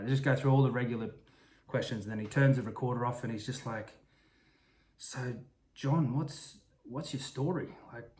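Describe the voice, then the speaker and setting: A man's voice: medium pitch, a little mellow. A man telling an improvised story in a casual, rambling way, full of restarts and asides. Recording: roomy echo.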